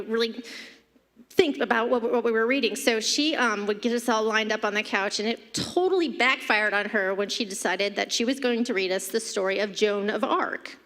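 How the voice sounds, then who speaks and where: A middle-aged woman with a slightly high voice tells warm, funny family stories in a eulogy. She speaks from a church podium microphone. Her voice carries a long, spacious church reverb. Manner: warm anecdotal delivery, laughing between stories. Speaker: daughter giving a eulogy. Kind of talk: humorous memorial storytelling. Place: church sanctuary.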